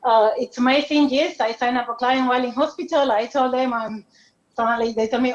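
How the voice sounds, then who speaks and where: A woman's voice: fairly high pitch, fairly even intonation. Emotional woman on a muffled call. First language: Spanish. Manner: warm, halting, laughs between thanks. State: emotional, close to tears. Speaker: award winner. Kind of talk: emotional acceptance speech. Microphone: video call. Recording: muffled video call audio.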